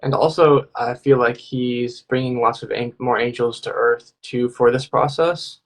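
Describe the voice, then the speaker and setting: A man's voice: medium pitch, fairly even intonation, a little slow. A man appearing as a guest channeler on a livestream, talking in a casual, rambling way with many fillers. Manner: rambling, filler-heavy, laughs often.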